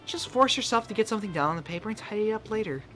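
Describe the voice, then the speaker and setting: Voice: medium pitch, lively intonation, very fast, sharp tone, soft background music, voice pushed up. A gamer reading a cheerful teenage girl club president's lines aloud, giving upbeat advice. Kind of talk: reading game dialogue aloud.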